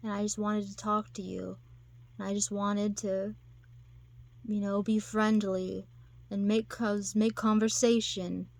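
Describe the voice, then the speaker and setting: A shy young man, hurt and sad, halting as he explains himself, as a woman puts him on in her own gravelly voice. The words come haltingly and plaintively, with no real change to her normal sound. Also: mid-range voice, level tone, a little mellow, dry recording.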